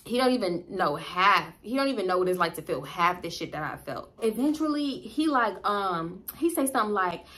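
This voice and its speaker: A young woman vlogger telling a personal story in a casual, profane, animated way, laughing often and swinging between loud and quiet. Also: mid-range voice, moderate pace, hardly any pauses.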